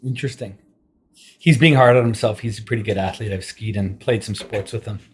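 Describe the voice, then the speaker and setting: A man's voice: fairly low pitch, brisk. A man hosting a podcast, asking questions in an upbeat, enthusiastic, casual way. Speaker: podcast host. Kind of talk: casual interview chat.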